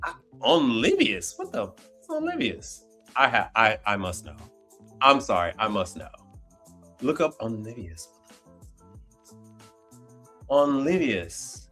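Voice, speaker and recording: Animated man hosting a livestream. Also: lowish voice, slow, pauses often, faint music behind. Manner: animated, slangy, laughs often. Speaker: livestream host. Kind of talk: casual livestream chat.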